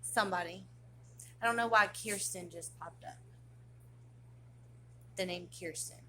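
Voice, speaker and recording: Slow, bright-voiced woman vlogger. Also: on the low side, a little hiss or hum. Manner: rambling, slangy, excitable. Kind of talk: casual chat to camera.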